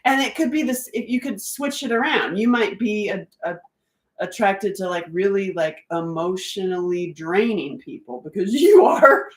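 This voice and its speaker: A woman's voice: mid-range voice, animated, moderate pace, echoey room. A middle-aged woman hosting a self-help live stream, talking candidly and chattily, laughing often and asking listeners whether they relate. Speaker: self-help workbook host. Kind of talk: casual live-stream talk. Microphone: phone or webcam during a live stream.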